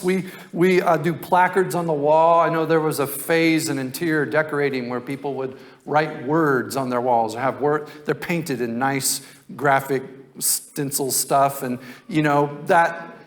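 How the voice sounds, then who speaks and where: A male pastor preaching a sermon in a conversational, folksy storytelling way. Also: a little high.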